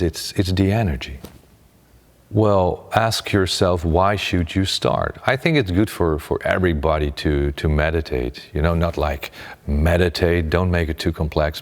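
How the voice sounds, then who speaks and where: A middle-aged man, a meditation teacher and former radio presenter, talks in a calm, unhurried way about his life, often restarting his sentences. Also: sits low, big-room sound. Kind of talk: reflective personal talk.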